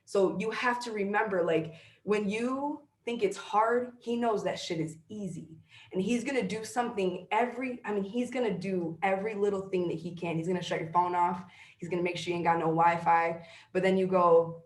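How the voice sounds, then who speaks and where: A woman's voice: medium pitch, normal speed. Emphatic preachy woman, echoey room. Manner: emphatic, preachy, repeats key phrases. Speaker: guest, sales team leader. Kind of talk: motivational interview talk. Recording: roomy echo.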